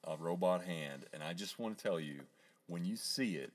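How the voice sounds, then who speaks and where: A man co-hosting a podcast, chatting casually and laughing often as he retells a cartoon with animated energy. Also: deep voice, moderate pace. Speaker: podcast co-host. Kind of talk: casual chat.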